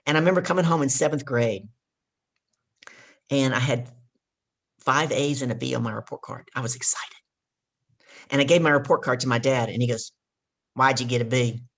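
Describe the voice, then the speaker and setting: A woman's voice: very deep voice, a little fast, pauses often. A woman guest and leadership coach in an interview, telling stories with emphatic, teaching delivery. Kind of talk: casual interview talk.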